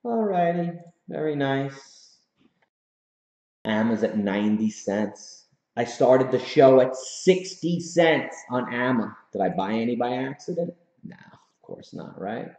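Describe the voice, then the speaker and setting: A man hosts a casual livestream from his home office, hyped, slangy and quick to laugh. He talks slowly in a mellow, dark tone. The sound is roomy and a little dull. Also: mid-range voice, animated. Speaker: host.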